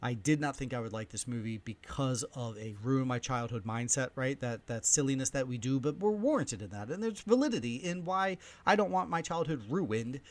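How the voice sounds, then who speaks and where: A man in his thirties or forties hosting a podcast, ranting excitedly in a movie review, swinging between loud emphasis and soft asides. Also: medium pitch, moderate pace, hardly any pauses. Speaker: podcast host, film reviewer.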